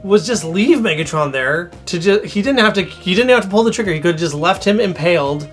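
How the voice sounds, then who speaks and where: A co-host in a casual show review, playful and quick to laugh. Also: mid-range voice, animated, soft background music.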